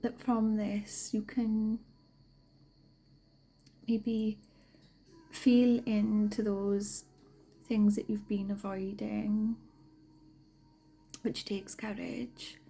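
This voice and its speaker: Soft woman with a cold, talks slow and half whispery, mellow dark voice. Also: medium pitch, level tone, vocal fry, slightly rough, rough recording. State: has a cold, sniffly. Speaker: spiritual card reader. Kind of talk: soft-spoken spiritual guidance.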